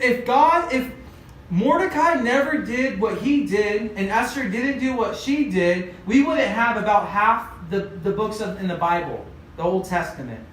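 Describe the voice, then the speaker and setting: A high-pitched man preaches to a youth group in a loose, chatty way, full of fillers as he retells scripture. The mic is far from him in a very echoey church room, with a faint hiss underneath. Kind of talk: casual youth sermon.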